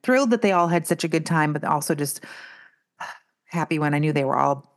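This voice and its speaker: Middle-aged woman, co-host, chatty family storyteller, a touch low. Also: a little fast. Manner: chatty storyteller, animated when telling stories. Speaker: podcast co-host. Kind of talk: casual chat.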